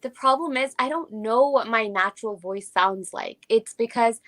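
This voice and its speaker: A woman's voice: a little high, normal speed, pushed and bright. A young woman raised in Japan, speaking with an American accent, telling a personal story as an interview guest and reflecting aloud with many fillers.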